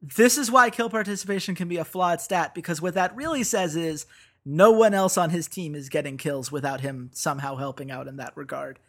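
A man's voice: fairly high pitch, a little fast, fairly bright tone. A man hosting a podcast, chatting upbeat and laughing easily, reading sponsor plugs. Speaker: podcast host. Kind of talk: podcast chat and sponsor read.

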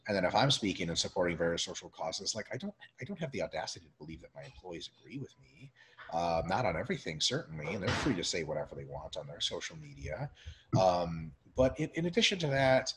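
A man from Russia talks as a podcast guest, his fairly low voice swooping up and down as he makes his point. He is blunt and profane, full of "like" and "you know", and keeps up an easy conversational flow. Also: quick pace, poor audio. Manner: animated, blunt and profane, with lots of filler words. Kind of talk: casual conversation.

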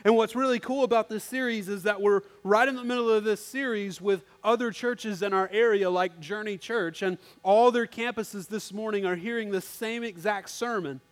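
A man's voice: sits high, normal speed, hardly any pauses. A male pastor giving a conversational sermon, telling stories and acting out quotes. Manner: storytelling, conversational, acts out quotes.

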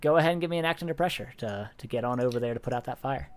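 A man narrating a tabletop role-playing game as game master, talking in halting bursts full of fillers and restarts. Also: mid-range voice.

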